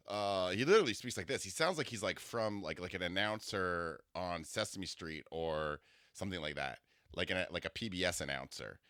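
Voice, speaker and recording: A man's voice: deep voice, brisk, no room sound, clean studio sound. A man hosting a comedy podcast, telling a rambling story with lots of restarts. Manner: rambling, animated, full of fillers and restarts.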